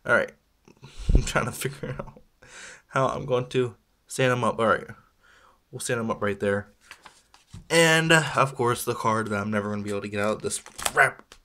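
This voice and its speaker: Guy unboxing toys on his channel, rambly and chatty, medium pitched voice, pokes fun at himself. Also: normal speed, long pauses, pushed and bright. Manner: rambling, chatty, self-deprecating with small laughs. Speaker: toy unboxing vlogger. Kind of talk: casual unboxing chat.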